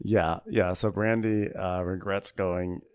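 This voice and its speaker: A man's voice: low-pitched, fairly even intonation, slow, a little mellow, clean tone. A man co-hosting a podcast, recapping a TV show in rambling, wry casual chat and laughing often. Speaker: podcast co-host.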